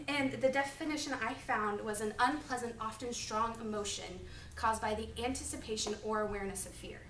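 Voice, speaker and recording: A woman in her twenties giving a topical sermon as a preaching student, telling personal stories in a chatty, animated way full of "like". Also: a little high, background noise. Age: 20s. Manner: chatty, animated, filler-heavy with lots of "like". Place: classroom. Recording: echoey classroom, mic far off.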